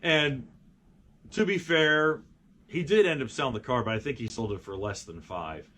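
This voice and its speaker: A man who edits a car magazine, telling a casual anecdote in a rambling way, with fillers and lively acted-out quotes. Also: mid-range voice, moderate pace, slight background noise.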